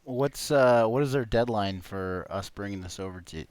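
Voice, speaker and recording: Smooth-voiced man playing a tabletop game. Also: on the low side, normal speed, a little mellow, dry recording, clean studio sound. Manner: casual, hesitant, laughs often. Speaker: player. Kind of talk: tabletop role-play chat.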